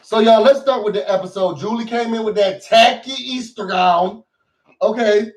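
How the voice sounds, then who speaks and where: A man with a notably high voice runs a casual recap vlog with sassy, theatrical flair, calling out to his viewers. He sits a little back from the mic, so his voice sounds somewhat distant. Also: normal speed. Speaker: show recap host.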